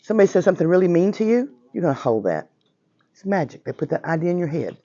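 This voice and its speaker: A woman in her sixties with a hoarse, nearly gone voice, teaching a witchcraft class in a chatty, emphatic way and often checking in with "right?" and "okay?". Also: on the low side, sing-song, quick pace, warm tone, dry recording, dull audio. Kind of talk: informal class lecture. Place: metaphysical shop classroom.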